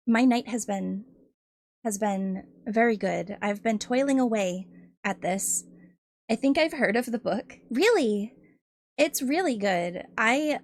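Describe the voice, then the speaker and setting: In clean studio sound with no room echo, a woman streamer with a fairly high voice chats casually with viewers. She giggles often between phrases, hesitates with lots of ums and restarts, and admits she's nervous.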